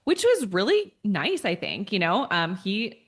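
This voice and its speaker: A woman's voice: medium pitch, wildly swooping pitch, a little slow. A woman hosting a podcast interview, speaking in a friendly, conversational way. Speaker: podcast host. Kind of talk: casual interview.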